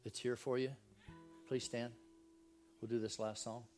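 A man's voice: mid-range voice, flat delivery, unhurried, loud music behind the voice. A man pastoring a church, preaching a sermon in a casual, joking way and asking his congregation questions. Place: church sanctuary.

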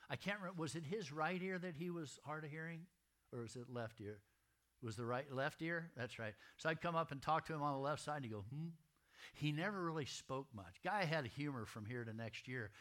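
Bright-voiced preacher. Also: male voice, a little high. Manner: folksy, conversational preaching, addresses congregation directly. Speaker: pastor. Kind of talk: sermon.

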